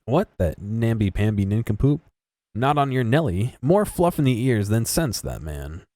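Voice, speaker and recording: A man voicing a pompous, old-fashioned bearded old gentleman stuck in a tower, talking in a fussy posh manner. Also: sits low, sing-song, moderate pace, husky, dry recording, voice pushed down, exaggerated voice.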